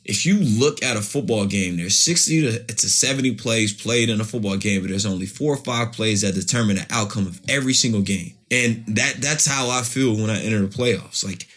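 A man's voice: lowish voice, a little fast, few pauses, fairly bright tone. Easygoing man telling stories. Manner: loose, storytelling, many restarts. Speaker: pro football player. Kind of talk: casual interview answers.

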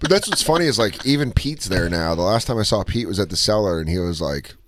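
A man from Colorado co-hosting a casual comedy podcast, an animated storyteller who slips into quoted voices. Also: on the low side, quick pace. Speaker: co-host.

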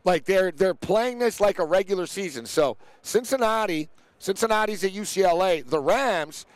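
A man hosts a casual sports talk show with a fairly high voice. He tells stories animatedly and acts out the people he quotes. The sound is dry and close. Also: expressive, moderate pace, no room sound. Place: outdoors near a big event.

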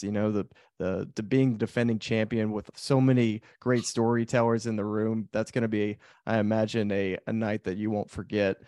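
A man's voice: lowish voice, darkish tone, no echo, studio quality. A man hosting a podcast, teasing his guest in a playful way and setting up stories with casual questions. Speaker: podcast host, pro golfer. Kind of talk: casual interview chat.

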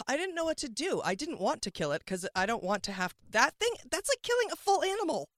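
A woman comedian on a talk show, telling a story in an excitable, self-deprecating way. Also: high voice, a little fast, no echo, studio quality. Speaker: comedian guest. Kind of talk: animated comic storytelling.

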